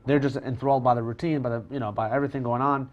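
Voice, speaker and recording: A professional magician chatting casually, self-deprecating and full of restarts. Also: male voice, mid-range voice, fairly even intonation, rapid-fire, lo-fi sound. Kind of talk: casual conversational chat.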